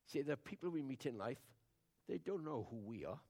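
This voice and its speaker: Older male preacher, gravelly voice, folksy storytelling sermon that swings from hushed to booming. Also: lively intonation, fairly quick. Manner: conversational, swings between hushed asides and loud emphatic declarations.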